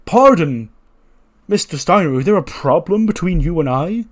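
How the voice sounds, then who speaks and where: A man's voice: a little high, expressive, normal speed, pitched above the performer's own voice. A man voicing a proud, formal former champion wrestler in a wrestling game playthrough. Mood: haughty. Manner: haughty and formal.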